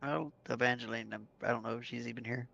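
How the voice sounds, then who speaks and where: A man playing a tabletop game, making dry, deliberate remarks, sometimes in character. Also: mid-range voice, steady tone, creaky, a bit bright, dry recording. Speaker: player. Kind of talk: casual game-table chat. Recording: dull lo-fi mic.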